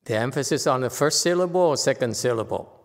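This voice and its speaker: A man's voice: mid-range voice, expressive, fast talker. A man giving an informal lecture on a sutra, chatty and teasing, often checking in with "okay?". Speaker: Buddhist teacher lecturing on a sutra. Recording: long hall reverb.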